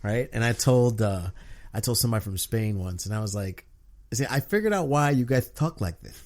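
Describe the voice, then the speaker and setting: A man's voice: mid-range voice, expressive, a little fast. A man hosting a podcast, chatting casually and telling jokey, profane stories. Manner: joking, profane storyteller. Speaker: podcast host. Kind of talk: casual chat.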